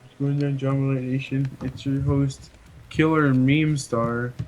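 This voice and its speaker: A man's voice: mid-range voice, little pitch movement, darkish tone, faint music behind, close to an everyday voice, low-quality recording. A man doing a mock meme news host. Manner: slow mock-announcer delivery.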